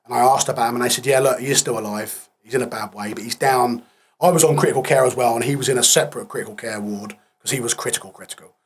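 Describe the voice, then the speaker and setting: Guest: man, 30s, husky, subdued and plain-spoken, recounting events in a casual interview. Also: medium pitch, quick pace. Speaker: podcast guest.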